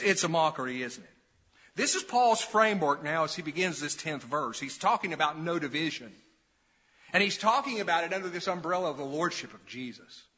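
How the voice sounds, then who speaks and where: In a church sanctuary with the long reverb of a church hall, a middle-aged male pastor gives an expository sermon. His voice is a little high, pushed and bright, growing emphatic and more intense as he puts questions to the congregation.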